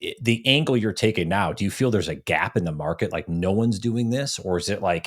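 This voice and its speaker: A man hosting a podcast, asking friendly questions in a relaxed, halting way. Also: low-pitched. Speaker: podcast host. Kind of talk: casual interview talk.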